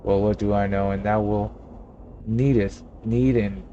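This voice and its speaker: Formal innkeeper, old-fashioned speech, stilted, as a man reads it, low pitch. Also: steady tone, takes it slowly, dark tone, dull audio, a little hiss or hum. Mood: pompous.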